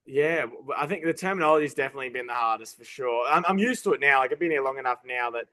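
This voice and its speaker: A man's voice: medium pitch, pushed and bright. A man from Australia with a toned-down Australian accent, a tradesman guest chatting casually and stopping and restarting his sentences often. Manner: halting, stop-start, many false starts. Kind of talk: casual interview chat.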